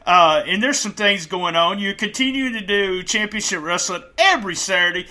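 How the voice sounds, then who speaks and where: A man's voice: high-pitched, expressive, fairly quick, few pauses, sharp tone. A middle-aged man from the Southern US, with a Southern accent, hosting a podcast and chatting in a rambling way. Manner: rambling, chatty, restarts phrases. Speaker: podcast host. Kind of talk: casual podcast chat.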